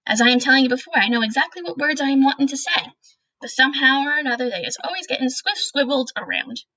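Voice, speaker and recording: A woman reading aloud voices a big, kind male giant who jumbles his words and draws them out slowly. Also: high voice, expressive, sharp tone, no echo, voice pushed up, rough recording. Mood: wistful. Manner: jumbled made-up words and broken grammar, slow and drawn out.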